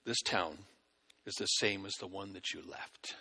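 Preacher doing a calm wise old guy asking gentle questions, bright voice, big hall echo. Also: low-pitched, unhurried, vocal fry, slightly rough, voice pushed down, full character voice. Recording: long hall reverb.

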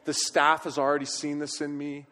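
A man preaching a sermon to his congregation, telling everyday stories with animated energy and sometimes hollering. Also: on the high side, moderate pace. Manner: animated storytelling, hollering when quoting himself. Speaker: pastor. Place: church sanctuary. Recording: long reverb of a church hall.

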